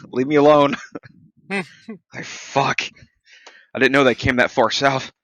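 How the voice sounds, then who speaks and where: A man's voice: mid-range voice, flat delivery, takes it slowly, bright, forceful tone, no room sound, highs cut off. A man co-hosting a podcast, telling a story animatedly, swearing and laughing a lot. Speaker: podcast co-host. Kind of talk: casual chat.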